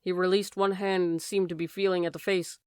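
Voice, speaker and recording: A woman narrating a classic science fiction novel as an audiobook, reading dramatically and raising her voice for shouted lines. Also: lowish voice, little pitch movement, fairly quick, smooth, no echo, clean studio sound. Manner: raises voice sharply for shouted lines.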